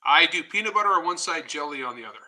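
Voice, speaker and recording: Man, interview guest, high pitch, very bright sharp tone, joking storyteller, video call. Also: very fast. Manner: animated, joking anecdotes. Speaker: guest author.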